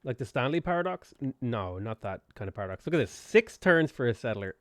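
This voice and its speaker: A man's voice: mid-range voice, very animated, a little fast, few pauses, no echo. A man live-streaming a strategy game, chatting playfully and answering viewers' questions as he plays.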